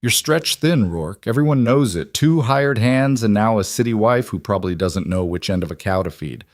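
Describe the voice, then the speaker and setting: A man voicing a big, menacing rancher villain with a rough, amused voice, in an audiobook western. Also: on the low side, lively intonation, moderate pace, no room sound, clean studio sound, lightly acted. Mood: taunting.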